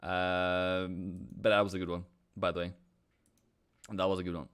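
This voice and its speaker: A man's voice: low-pitched, flat delivery, unhurried, a bit bright, clean tone. A man with a Norwegian accent, a forex trader, chatting casually on a live stream, joking, thinking aloud and reading out chat messages.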